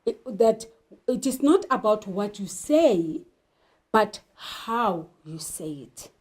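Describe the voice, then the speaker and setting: Slow-speaking woman teacher, mellow voice. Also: mid-range voice, very animated. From South Africa. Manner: slow, deliberate, poses questions then answers them. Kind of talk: literature lesson.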